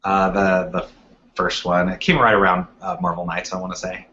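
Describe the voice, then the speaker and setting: A man's voice: low voice, flat delivery, moderate pace, bright, forceful tone, a little hiss or hum. A man co-hosting a gaming podcast, telling long rambling anecdotes and acting out what people said. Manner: rambling anecdotes with acted-out quotes. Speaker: podcast co-host. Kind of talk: casual storytelling chat. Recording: muffled lo-fi podcast audio.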